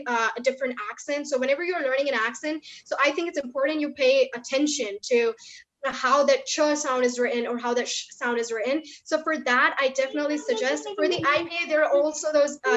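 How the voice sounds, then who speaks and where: High-voiced young woman on a video call. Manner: quick, chatty, many fillers like "like" and "you know". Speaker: guest speaker. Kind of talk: online Q&A session. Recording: dull lo-fi online call audio.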